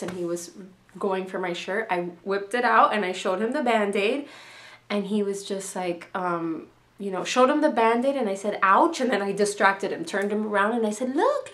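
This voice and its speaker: A woman's voice: mid-range voice, moderate pace. A young woman talking candidly in a casual video diary, a mother who sounds a little emotional. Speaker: vlogger, mother.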